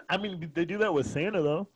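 A young adult man with a high, slightly rough voice talks at normal speed on a podcast, the sound lo-fi despite a close studio mic. His chat is casual, full of rambling stories, and he often breaks into laughter.

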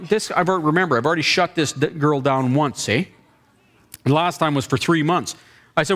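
A man who is a pastor telling a deliverance-prayer story in a sermon, acting out the dialogue with lively asides. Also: a little high, brisk.

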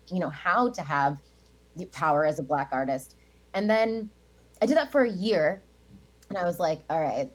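An American woman in her thirties, a Broadway actress chatting as an interview guest, with lots of fillers and frequent laughter. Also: lowish voice. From United States. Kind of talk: casual interview chat.

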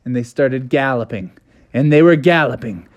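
A man improvising a bedtime story, narrating in a lively, playful way. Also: medium pitch, moderate pace, dull audio.

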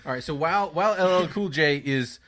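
A man's voice: a little high, animated, fast talker, fairly bright tone, a little hiss or hum. Wry man in casual podcast chat. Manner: wry, sarcastic asides. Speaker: podcast co-host. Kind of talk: casual movie recap chat.

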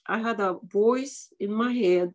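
A woman guest, a doctor, telling a dramatic personal story in casual interview talk, with non-native English grammar and lively quoted voices. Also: medium pitch, measured pace.

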